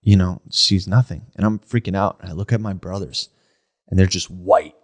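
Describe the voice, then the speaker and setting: A man's voice: deep voice, fairly even intonation, moderate pace. A man co-hosting a comedy podcast, telling a story casually and often saying "like" and "right?". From New Jersey, USA. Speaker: podcast co-host. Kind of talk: casual chat.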